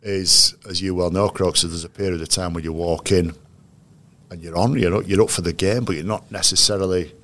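Male coach, very deep voice, measured storyteller, lots of restarts. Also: fairly even intonation, a bit bright. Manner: anecdotal, measured, with frequent restarts. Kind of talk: interview storytelling.

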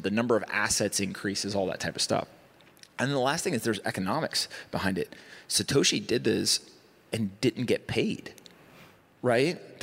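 Man, gravelly, low voice, emphatic panel talk, hall reverb. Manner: fast, emphatic, animated with rhetorical asides. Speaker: guest investor. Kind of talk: panel discussion. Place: conference stage.

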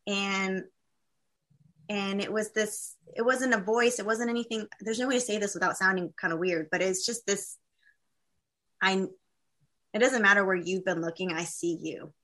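Bright-voiced woman telling a heartfelt story. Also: mid-range voice. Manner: candid, halting, many fillers and restarts. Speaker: guest. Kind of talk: personal testimony in a conversation.

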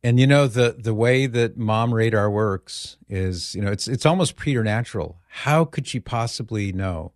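A middle-aged man hosting a talk radio show, telling stories in a relaxed way with fillers, in a studio. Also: lowish voice, moderate pace, few pauses, dry recording. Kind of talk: casual talk radio chat. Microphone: studio microphone.

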